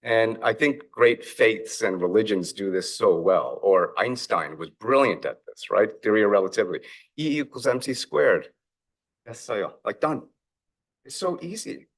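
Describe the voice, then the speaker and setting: Low-voiced man telling stories. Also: lively intonation, a little slow, breathy edge. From United States. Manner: storytelling, reflective, acts out family dialogue. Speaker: author and investor giving a keynote. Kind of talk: conference keynote speech.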